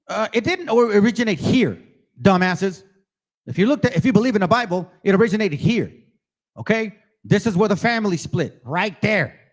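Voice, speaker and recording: A man whose voice sits high hosts his own channel. Reading passages aloud between remarks, he delivers combative religious commentary that directly mocks and confronts his viewers.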